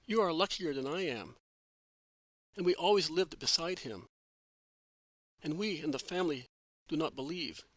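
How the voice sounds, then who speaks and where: A man reading the part of a calm, hopeful male disciple who speaks in a steady, reassuring way. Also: a little high, normal speed, long pauses, no echo, low-quality recording.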